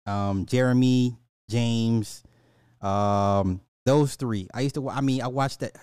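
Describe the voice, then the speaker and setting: A man from Illinois, a podcast host, ranting casually in a profane, laughing, animated way. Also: mid-range voice, slow, smooth, dry recording, studio quality. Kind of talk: casual comedic rant.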